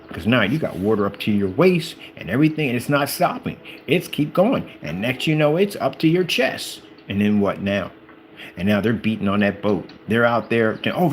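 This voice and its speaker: A man's voice: lowish voice, slight background noise, poor audio. A man giving an informal religious talk, emphatic and preachy, acting out the people in the stories he tells. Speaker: channel host.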